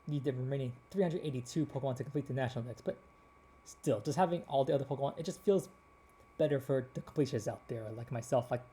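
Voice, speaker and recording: A man hosting a gaming video, rambling casually with many restarts, his voice a little hoarse. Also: medium pitch, quick pace, dark tone. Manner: rambling, with frequent restarts and fillers. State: slightly hoarse. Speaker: gaming channel host.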